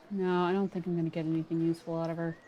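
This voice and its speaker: A woman's voice: on the low side, muffled recording. A woman playing a story game aloud and chatting about it in a casual, self-deprecating way. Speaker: game player voicing characters. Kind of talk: casual commentary.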